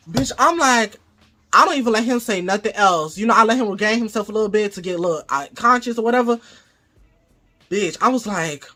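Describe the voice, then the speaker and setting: A man vlogging a casual storytime monologue, profane and animated, acting out his own quoted lines as he goes. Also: high voice, fairly quick.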